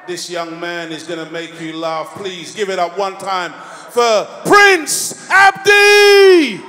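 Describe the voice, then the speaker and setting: A man's voice: on the high side, flat delivery. A man hosting a concert, introducing acts on stage and hyping the crowd. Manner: hyping the crowd, drawn-out shouts. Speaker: concert host. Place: large hall with audience. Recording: hall reverb with crowd noise.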